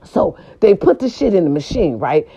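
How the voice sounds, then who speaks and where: A woman's voice: on the low side, big pitch swings, moderate pace, warm tone, slightly rough, muffled recording, faint music behind. A woman telling a story in a casual vlog, blunt and profane, talking straight to her viewers.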